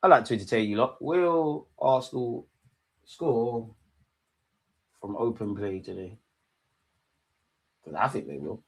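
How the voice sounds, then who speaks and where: A man streaming a live football watchalong, excitably shouting at players and the referee and bantering with his chat. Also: medium pitch, unhurried, long pauses, husky. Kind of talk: live match reaction commentary.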